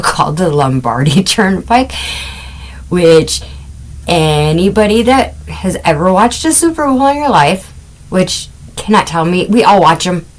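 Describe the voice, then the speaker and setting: Casting note: middle-aged woman, podcast host, unhurried chatty storytelling, lower voice. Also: poor audio. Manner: chatty, wandering asides, amused laughs. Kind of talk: casual true-crime podcast storytelling.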